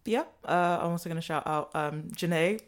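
A woman with a London accent co-hosting a podcast, chatting casually about pop culture with plenty of fillers and quick laughs. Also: fairly low pitch. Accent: London English. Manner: laid-back, chatty, laughs easily, lots of fillers. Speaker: podcast co-host.

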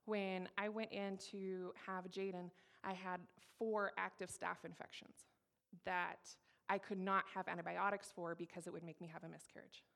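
A woman's voice: on the low side, flat delivery, moderate pace, gravelly, fairly bright tone. Woman in her 30s from colorado telling her story to a crowd, blunt and emphatic, says things twice. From Colorado, USA. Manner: candid and emphatic, repeats key phrases. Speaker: speaker sharing her testimony. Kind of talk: personal testimony to an audience.

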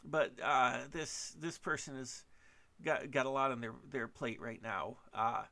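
A man hosting a solo podcast monologue, halting and self-deprecating, with frequent restarts and fillers. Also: mid-range voice, pushed and bright. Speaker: podcast host.

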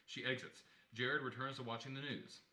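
A man's voice: medium pitch, fairly even intonation, normal speed, bright, forceful tone, reverberant. A man hosting a play reading and reading the stage directions, chatty, with jokey asides. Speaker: organizer and stage-direction reader.

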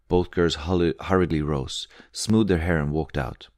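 A man reading a book aloud as audiobook narrator, measured and even. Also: extremely low pitch, no room sound, studio quality.

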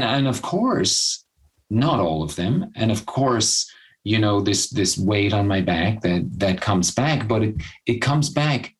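Reflective man, candid guest. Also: low-quality recording. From Southern California. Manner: reflective, acts out his own past thoughts in a much higher voice. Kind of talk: candid personal conversation.

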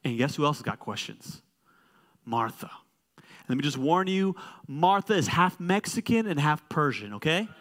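A high, bright male voice preaching in a church. He is animated and joking, and he swings from quiet asides to loud bursts. The bright edge stays on his voice throughout. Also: normal speed. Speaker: co-lead pastor. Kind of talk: sermon.

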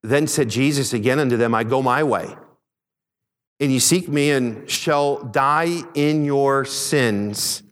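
A man's voice: medium pitch, takes it slowly, in a large hall. A man preaching a sermon as pastor, earnest, often restarting and repeating words.

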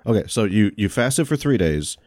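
A man's voice: fairly low pitch, sing-song, moderate pace, darkish tone, no room sound, studio quality. A man hosting a debate, politely interrupting with stammering restarts to clarify. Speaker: host.

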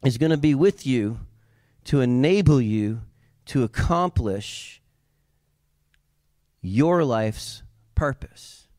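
Impassioned preacher, dry and close. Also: male voice, mid-range voice, lively intonation, slow pace, long pauses, no echo. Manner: impassioned, builds to loud emphatic peaks; conversational asides with humor. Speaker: pastor. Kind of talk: sermon.

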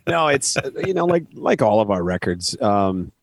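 A man's voice: on the low side, very animated, normal speed, no room sound. A man in a casual interview, telling stories in a joking, self-deprecating way. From Canada. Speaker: band vocalist, guest.

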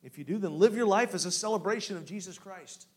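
Male preacher, high voice; quiet storyteller who builds to loud rising appeals and asks the room questions. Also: fast. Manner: swings from hushed storytelling to loud, rising exhortation; guides listeners with direct questions. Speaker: pastor. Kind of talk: sermon.

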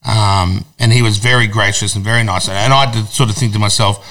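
A man's voice: fairly low pitch, fairly even intonation, quick pace, a bit bright. Blunt, crude Australian man. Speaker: radio host. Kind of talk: casual podcast chat.

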